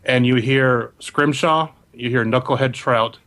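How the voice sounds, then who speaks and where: A man's voice: mid-range voice, a little slow, a bit bright. A man narrating a tabletop game as game master in a casual, loose way.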